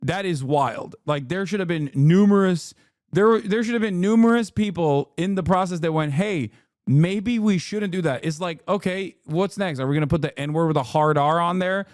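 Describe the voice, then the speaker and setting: A man giving casual livestream commentary on the news, excitable and profane, swinging into high, incredulous outbursts. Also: normal speed, no room sound, clean studio sound. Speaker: streamer reacting to news.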